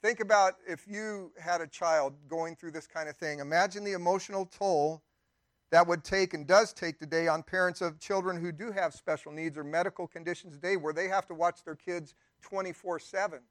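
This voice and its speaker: A man's voice: sits high, fairly even intonation, moderate pace, a bit bright, dry recording, clean studio sound. A man pastor preaching a sermon in a conversational way, with emphatic rises and friendly asides.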